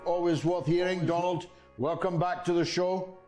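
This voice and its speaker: A man hosts a talk radio show with a voice pitched somewhat high. He speaks emphatically, declaring his points, while faint music plays behind him. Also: steady tone, moderate pace, darkish tone.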